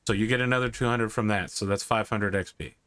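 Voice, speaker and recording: A man's voice: on the low side, fairly even intonation, quick pace, fairly bright tone, clear, resonant tone. A man running a tabletop game as game master, describing scenes loosely with many fillers.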